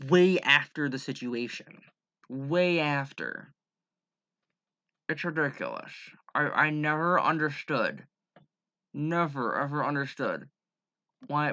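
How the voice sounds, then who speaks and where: A man's voice: medium pitch, sharp tone, dull audio. A young man giving a rambling, profane, exasperated casual rant over gameplay as a gaming YouTuber.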